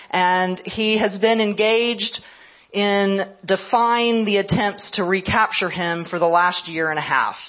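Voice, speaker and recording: A woman history professor giving a conference lecture, telling events as a story and explaining them as she goes. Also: mid-range voice. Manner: storytelling, explanatory, checks in with "right?". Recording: slightly dull lo-fi radio broadcast.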